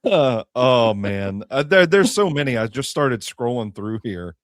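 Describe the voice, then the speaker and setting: A man's voice: mid-range voice, big pitch swings, a little slow, no room sound, clean studio sound. A man co-hosting a casual movie podcast, playful and laughing often. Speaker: podcast co-host. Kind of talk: casual chat.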